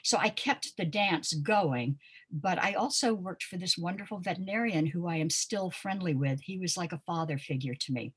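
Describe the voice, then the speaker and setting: An older woman from Pensacola tells stories as an interview guest. Her low voice carries a husky edge, and she talks conversationally with plenty of ums and uhs. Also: moderate pace. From Pensacola, Florida. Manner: warm storytelling with frequent ums and uhs. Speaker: interview guest, dance teacher.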